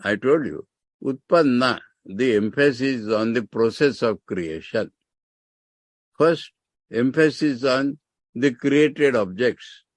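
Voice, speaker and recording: Indian-accented male monk, unhurried scriptural discourse, mid-pitched, dry close recording. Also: dry recording. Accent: Indian English. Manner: explains Sanskrit terms word by word, with emphatic rises.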